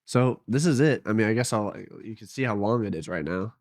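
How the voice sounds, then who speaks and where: A young man with a fairly low voice and lively intonation talks fairly quickly in a darkish tone. Vlogging casually late at night from home on a headset mic, he rambles, hesitates, trails off, and pokes fun at himself; the sound is clean studio quality with no room sound.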